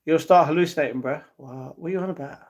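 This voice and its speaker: A man's voice: a little high, fast, darkish tone. A man chatting casually on his live stream, answering viewers' messages and talking to his pets between replies.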